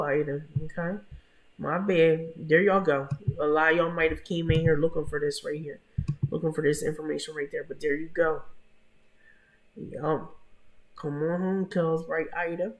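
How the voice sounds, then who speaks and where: Chatty woman hosting a live stream. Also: deep voice. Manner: chatty, talks to viewers in the chat by name; drawn-out exclamations and asides. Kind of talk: casual live-stream gossip commentary.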